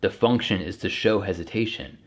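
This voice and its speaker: A man, a young adult, explaining a text like a teacher in a casual, relaxed way, thinking aloud as he goes. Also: low voice, fairly quick. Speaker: English teacher. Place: home.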